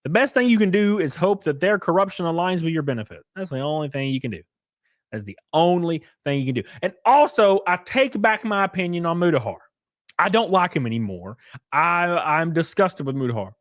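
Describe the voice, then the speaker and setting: A man's voice: fairly high pitch, lively intonation, fairly quick, no echo, studio quality. A man hosting a casual commentary stream, ranting sarcastically and swearing freely. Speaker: streamer host.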